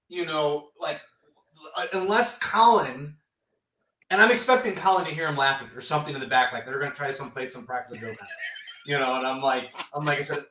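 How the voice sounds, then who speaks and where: Golf stream host dude, swears a lot, acts out quotes, sounds far off in an echoey room. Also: male voice, a little high, a little fast, a little hiss or hum. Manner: animated storyteller, swears freely, acts out quotes. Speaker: podcast host. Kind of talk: casual golf chat. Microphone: remote stream mic.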